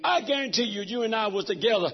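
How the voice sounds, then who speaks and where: A middle-aged man with a raspy, gravelly voice, preaching a sermon that swings from soft talk to shouts. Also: sits high, fast talker, highs cut off, crowd noise. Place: church sanctuary.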